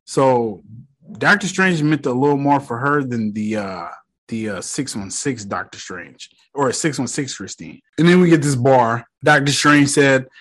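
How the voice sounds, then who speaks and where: A young man casually recapping a movie, swearing freely and retelling the scenes with excitement. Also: medium pitch, a little slow. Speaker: movie reviewer.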